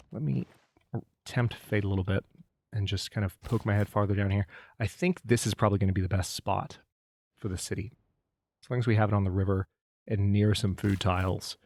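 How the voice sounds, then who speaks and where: A man casually commentating his own strategy game, thinking aloud and talking to the units on screen. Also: lowish voice. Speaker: let's play host.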